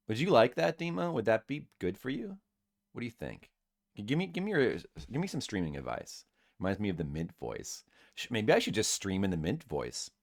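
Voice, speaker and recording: A man's voice: on the low side, big pitch swings, fairly quick, creaky. A man streaming a game, rambling and self-deprecating as he chats with his viewers. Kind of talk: casual live-stream chat.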